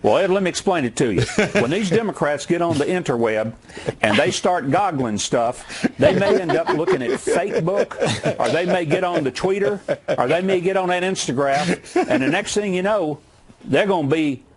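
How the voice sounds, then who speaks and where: A man's voice: a little high, very animated, normal speed. A man putting on an exaggerated folksy Southern drawl as a clueless tech user, joking. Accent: Southern US (put on).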